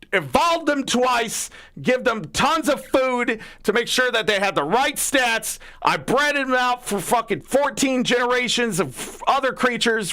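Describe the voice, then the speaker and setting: High, lively, bright-voiced ranting man. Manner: profane, heated ranting with rhetorical questions. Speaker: livestream gaming host. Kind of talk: casual livestream rant.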